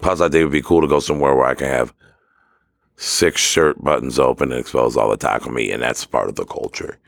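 A podcast co-host with an extremely low, gravelly voice, recorded dry and close. He jokes and swears freely, slipping into mock spoken-word poetry and goofy put-on voices. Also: steady tone, fairly quick, no room sound. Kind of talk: casual comedic chat.

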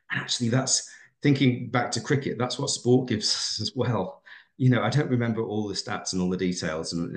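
A man muses aloud at length, full of ums and restarts. His voice sits very low. The room around him rings with echo. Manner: reflective, rambling with fillers. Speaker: podcast co-host and teacher. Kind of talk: casual podcast chat.

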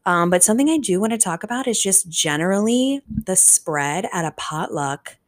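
A woman in her twenties from the Richmond, Virginia area, hosting a podcast in casual solo chat, animated and swearing freely. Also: mid-range voice, moderate pace. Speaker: podcast host.

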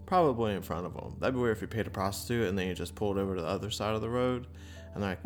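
A man's voice: on the low side, very fast, echoey room, faint music behind. A man doing stand-up comedy and recapping his set, profane, rambling and self-deprecating. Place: comedy club stage.

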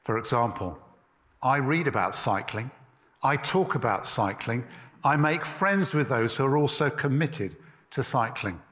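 A man delivers a sermon at a measured pace, leaning on key words and pausing between phrases. His voice sits at an ordinary middle pitch. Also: lively intonation, a bit bright, in a large hall. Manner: measured, emphatic delivery with pauses. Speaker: preacher.

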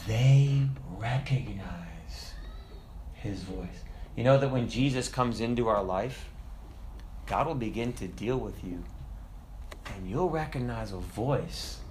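Preaching at a slightly slow pace, this medium-pitched man delivers his sermon as lively, conversational storytelling, with many asides to the congregation. There is slight background noise.

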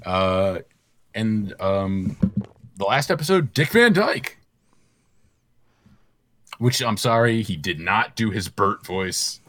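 A man's voice: low-pitched, takes it slowly, fairly bright tone, no echo. A man hosting a casual chat show, rambling through lists with fillers and laughs. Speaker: host.

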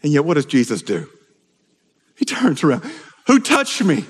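A man preaching a sermon with passion, dropping to a hush and rising to shouts. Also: fairly high pitch, huge pitch swings, normal speed, breathy edge. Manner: impassioned, swings between hushed and shouted. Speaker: pastor. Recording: long hall reverb.

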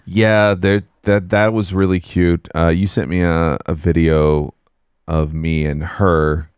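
A young man co-hosting a casual chat, relaxed and jokey, sometimes mimicking voices for laughs. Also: low-pitched, slow, clear, resonant tone, dry recording, clean studio sound. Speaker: podcast co-host.

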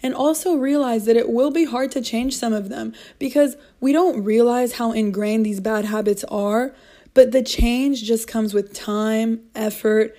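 A young adult woman hosts a motivational podcast, speaking earnestly and encouragingly and repeating her key points. Her voice sits on the high side with a dark tone.

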